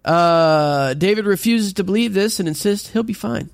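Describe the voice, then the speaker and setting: A man's voice: high voice, moderate pace, creaky, smooth, dry recording, studio quality. A man co-hosting a podcast, casually recapping an episode with lots of fillers and swearing. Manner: rambling recap with many "uh"s and profanity. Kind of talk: casual chat.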